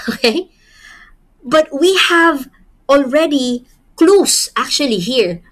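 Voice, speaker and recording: A woman from the Philippines speaks with a Filipino accent as she lectures on a poem. Her voice sits a little high, and she talks slowly and deliberately. She poses questions to her listeners as she works through the lines. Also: fairly bright tone. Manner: explains slowly with rhetorical questions and light laughs. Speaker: literature teacher. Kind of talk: poetry lecture.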